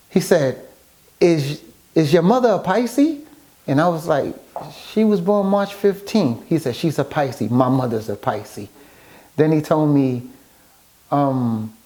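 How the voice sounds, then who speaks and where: A man telling his story in a casual interview, acting out what others said to him as he goes. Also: on the high side. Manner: animated storyteller acting out quoted dialogue. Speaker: guest, author and photographer.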